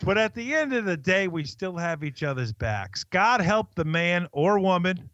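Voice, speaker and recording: Male podcast co-host, wry, slightly high voice, dull lo-fi sound, dry. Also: sing-song, normal speed, a bit bright, no room sound. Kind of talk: casual chat.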